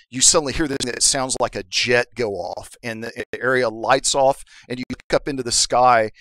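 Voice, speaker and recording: A man running a tabletop role-playing game, setting each scene in an improvised, halting way and restarting his sentences often. His voice is bright and forceful, recorded close and dry. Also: mid-range voice, no echo, low-quality recording. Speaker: game master.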